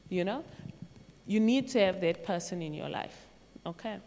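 A chatty woman giving a relaxed youth talk on faith, her voice at an ordinary middle pitch. She throws herself into little acted-out quotes and loose asides. Her voice carries a long echo through a large hall. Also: moderate pace, long pauses, slight background noise. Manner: chatty, animated, acts out quotes and laughs.

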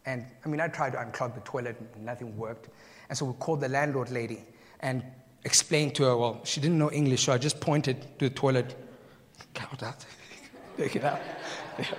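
Male pastor from South Africa, high voice, sermon storytelling, long hall reverb. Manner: storytelling, laughs at own jokes, asks the congregation questions. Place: church hall.

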